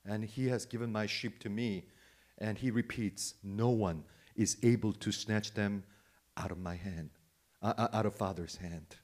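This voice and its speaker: A man's voice: lowish voice, measured pace. Man preaching with dramatic swings. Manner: swings from loud emphatic rises to soft hushed drops; repetitive, rhetorical questions. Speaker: pastor. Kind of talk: sermon.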